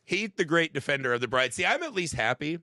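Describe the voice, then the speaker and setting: Bright-voiced profane podcast co-host. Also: male voice, fairly high pitch, fast, no echo, clean studio sound. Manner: profane, animated, acts out movie quotes. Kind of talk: casual chat.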